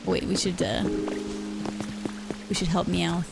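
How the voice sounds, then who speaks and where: A woman streaming a video game live, giggling and excitable in her commentary. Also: on the low side, takes it slowly, gravelly. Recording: game music underneath.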